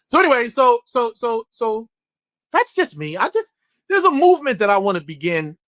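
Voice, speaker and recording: A man gives a candid interview in a swearing, animated, storytelling way. His pitch rises and falls freely. The sound is dry and close, with almost no room echo. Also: moderate pace. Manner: blunt and profane, animated storytelling. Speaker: actor, interview guest.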